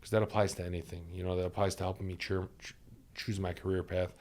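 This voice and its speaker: This low-pitched, slightly mellow voice belongs to a doctor on a podcast who talks fast but keeps his tone level. Reflective and earnest, he trades stories and life advice, circling back to key phrases to stress them.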